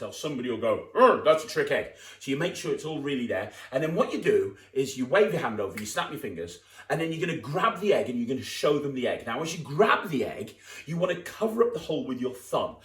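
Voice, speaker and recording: Playful English man teaching kids magic. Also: mid-range voice. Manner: playful, exaggerated, bursts of excited shouting. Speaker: children's magician. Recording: echoey room, from a distance.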